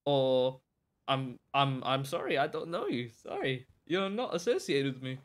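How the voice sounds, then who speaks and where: Excitable young man streaming. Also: mid-range voice, unhurried. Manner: excitable, chatty, bursts into shouts. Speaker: live streamer. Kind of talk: live gameplay commentary.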